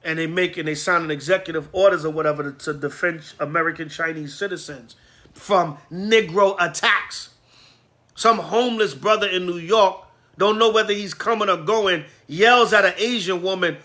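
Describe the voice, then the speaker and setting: A man's voice: sits high, moderate pace, pushed and bright. A man teaching a Bible class as a priest, blunt, slangy and fiery, often going off on digressions.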